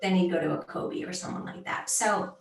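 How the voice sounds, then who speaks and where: A woman's voice: lowish voice, fairly quick, creaky, far from the mic, a little hiss or hum. Emphatic woman speaking in a roomy space. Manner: animated, emphatic, frequent "right?" tags. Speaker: guest speaker, sports executive. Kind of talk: conversational interview.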